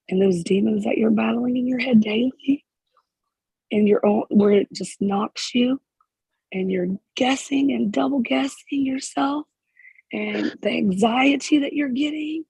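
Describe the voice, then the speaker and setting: A spiritual healer in emotional counseling, close to tears and halting, with phrases repeated again and again. The voice is gravelly and husky, with a mellow, dark tone. The pitch stays flat and even throughout. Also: dry recording, rough recording. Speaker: spiritual healer addressing a group member.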